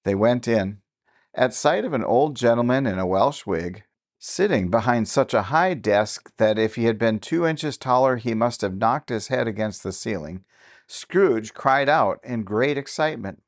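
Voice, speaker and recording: A man narrating a classic novel as an audiobook, with steady, even-paced storytelling. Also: mid-range voice, measured pace.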